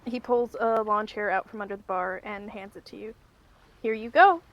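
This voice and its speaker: A woman's voice: mid-range voice, fairly even intonation, fairly quick, lo-fi sound. A woman running a tabletop game as game master. She narrates in a rambling way, with lots of ums and restarts.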